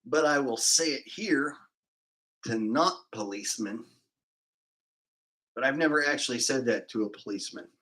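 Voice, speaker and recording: A man's voice: mid-range voice, moderate pace, pauses often, bright, forceful tone, rough recording. A man livestreaming, chatting casually and jokingly with his viewers in a rambling, off-the-cuff way. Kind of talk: casual chat with live viewers.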